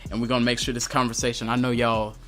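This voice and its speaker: A man's voice: quick pace, faint music behind. A man co-hosting a podcast, telling stories in casual chat, laughing often and acting out other people's lines. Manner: animated storyteller, laughing, acts out quotes in a high voice. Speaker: podcast co-host.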